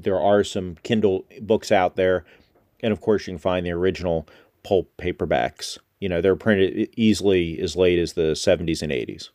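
A man's voice: low-pitched, darkish tone. A man hosting a podcast, talking casually and rambling a little, with frequent restarts. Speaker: podcast host.

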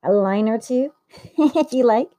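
A woman's voice: fairly high pitch, unhurried, warm tone. A woman hosting a podcast, asking questions in an enthusiastic, chatty way. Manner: enthusiastic, laughs often. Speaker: podcast host. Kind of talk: casual interview chat.

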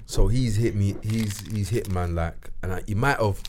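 A young man with a London accent, a guest telling a story in casual chat, with lots of slang and animated retelling. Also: lowish voice, normal speed, a little hiss or hum. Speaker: guest actor.

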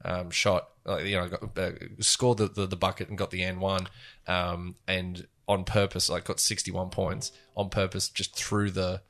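A man with a low, deep voice, chatting casually as a podcast co-host. He rambles through stories with plenty of ums and restarts. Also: flat delivery, a little slow, a bit bright. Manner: rambling, filler-heavy storytelling. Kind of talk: casual chat.

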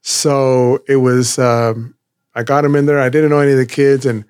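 A man's voice: medium pitch, flat delivery, normal speed, a little mellow, clear, resonant tone, no echo, clean studio sound. A middle-aged man in casual chat, rambling and restarting his sentences as he tells stories.

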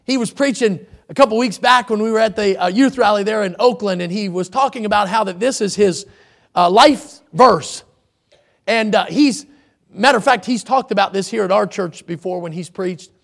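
A man with a very high, gravelly voice preaches a sermon from the church pulpit. He swings into emphatic, near-shouted scripture quotations and then settles back into plain explanation. The gravel in his tone is audible throughout. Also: moderate pace. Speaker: pastor. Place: church sanctuary.

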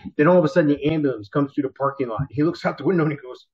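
A man casually telling a wild story from his car-selling days, animated and profane, acting out the people in it. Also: fairly high pitch, rapid-fire. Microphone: laptop built-in mic. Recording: dull lo-fi laptop mic.

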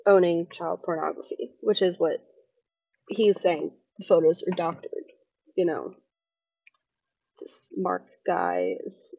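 A woman hosting a casual chat podcast, animated, acting out what others said and laughing often. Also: fairly high pitch, no echo, muffled recording. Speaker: podcast host. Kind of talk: casual chat recapping an interview.

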